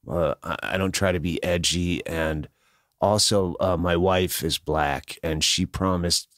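A man imitating a middle-aged male comedian, speaking slowly and hesitantly with many pauses. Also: low voice, steady tone, fairly bright tone, dry recording, studio quality, pitched below the performer's own voice. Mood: sheepish.

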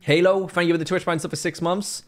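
A man's voice: high-pitched, fairly even intonation, fast talker. A man hosting a casual gaming stream, bantering with friends and reading out donations. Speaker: streamer host.

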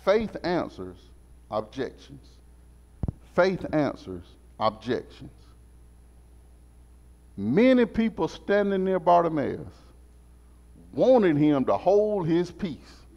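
A man preaches a Sunday school lesson, his slightly high voice swinging widely in pitch as he repeats phrases and calls to his listeners. The sound is dull and muffled, with long reverb from the church sanctuary. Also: takes it slowly, vocal fry, long pauses. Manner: animated, call-and-response preaching, repeats phrases.

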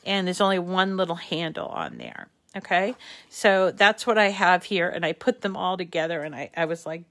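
A middle-aged woman with a slight lisp, hosting a casual craft tutorial in a chatty, self-deprecating way that thinks out loud. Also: on the low side, sing-song, moderate pace. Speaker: crafting channel host.

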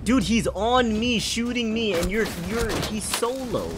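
A young man playing a shooter game in live voice chat, excitable and exasperated, yelling and complaining at his teammates. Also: high-pitched, measured pace, background noise. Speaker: gaming streamer. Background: music and gunfire.

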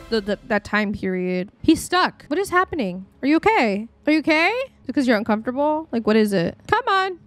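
A young woman with a slightly high voice chats her way through a live game stream, scattered and full of fillers. Soft music sits faintly behind her. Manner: chatty, scattered, self-talking with frequent fillers. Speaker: streamer playing a life-sim game. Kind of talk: casual live-stream commentary.

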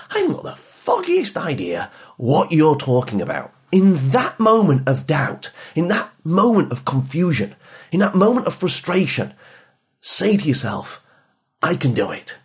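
Guy with a really husky voice, pep talk for teens, pitch swings all over, keeps repeating stuff for punch. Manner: emphatic, repeats phrases, drops soft for emphasis. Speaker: motivational speaker for teens. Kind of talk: motivational podcast talk.

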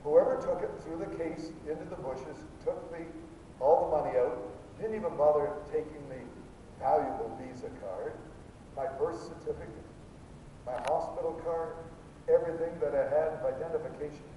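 An older male pastor preaching with fervor, his fairly high, mellow voice rising to shouts and dropping soft. He is heard from far off in a big echoey hall with a long reverb. The sound is dull, with a faint low rumble behind. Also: moderate pace. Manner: fervent preaching, swinging between shouts and a soft confiding voice. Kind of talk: sermon. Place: church sanctuary.

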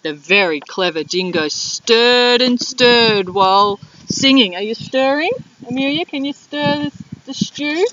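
A woman teacher reading a picture book aloud to young children in an animated, drawn-out way. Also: on the high side, recorded from a distance, slight background noise. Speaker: primary school teacher. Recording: dull lo-fi video sound.

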